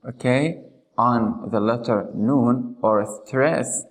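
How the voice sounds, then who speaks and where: Very slow, deliberate male teacher. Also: mid-range voice, rough recording. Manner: slow, deliberate, repeats example words and asks "okay?". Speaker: Quran recitation teacher. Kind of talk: slow explanatory lesson.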